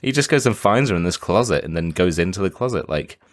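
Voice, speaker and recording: A man with a very low voice talks through a film with a friend on a podcast, in a loose, rambling way. He leans on "kind of" and "like" as he thinks aloud. The sound is dry and close, with no room around it. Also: animated, fast, dry recording. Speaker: podcast co-host. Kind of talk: casual film review chat.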